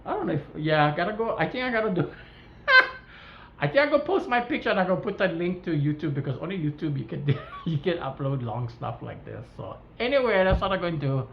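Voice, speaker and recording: With a low, creaky voice and a fairly quick delivery, a woman from Hawaii vlogs a casual rant from her home kitchen in Hawaiian Pidgin-tinged English. She plays out the dialogue as she tells the story, animated throughout, and the sound is roomy and slightly dull with faint hiss.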